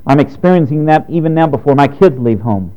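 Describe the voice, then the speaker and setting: A man's voice: fairly high pitch, expressive, fairly quick, muffled recording. A man in his thirties preaching a sermon to his congregation, direct and frank, with strong emphasis. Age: 30s. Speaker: pastor.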